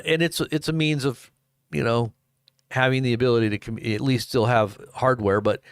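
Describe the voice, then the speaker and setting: An American man talks through live news commentary in a middle-pitched voice, rambling and circling back with fillers. The sound is dry and close, with no room around it. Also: no echo. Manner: rambling, many fillers and restarts.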